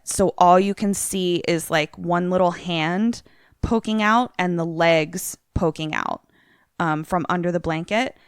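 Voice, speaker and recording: A woman's voice: fairly low pitch, clean tone, dry recording, studio quality. A young woman co-hosting a podcast, casually retelling a movie trailer with many fillers. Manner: chatty, filler-heavy, lots of "like". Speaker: podcast co-host.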